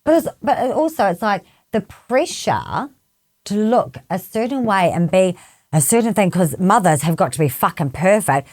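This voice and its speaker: A woman's voice: mid-range voice, lively intonation, moderate pace, a little mellow. A woman co-hosting a casual panel chat, blunt and swearing freely. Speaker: podcast co-host.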